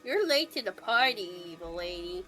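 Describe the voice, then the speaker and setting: A woman's voice: medium pitch, animated, normal speed, close to an everyday voice. A woman voicing an odd, childlike male creature who collects teeth and talks in broken, simple grammar. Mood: blunt childish. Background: background music.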